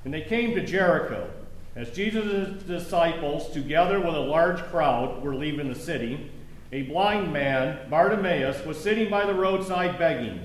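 A man with a high voice delivers a sermon as a pastor. He reads scripture and then explains it in a loose, conversational way with joking asides. The recording is roomy and echoey, as if from a church sanctuary. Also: animated, normal speed. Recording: echoey room.

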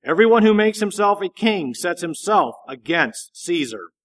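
A man voicing a group of insistent male accusers in a firm, steady Bible reading. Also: high voice, moderate pace.

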